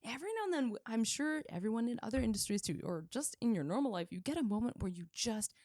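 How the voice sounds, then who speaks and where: A woman's voice: fairly high pitch, lively intonation, fast talker, a little mellow, dry recording, studio quality. A woman co-hosting a nursing podcast, telling stories in casual chat and laughing often. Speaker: podcast co-host, nurse.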